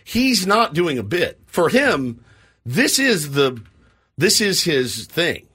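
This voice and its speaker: A man's voice: fairly high pitch, husky. A middle-aged man hosting a morning radio show, rambling and laughing in casual banter. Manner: animated, rambling, quick to laugh.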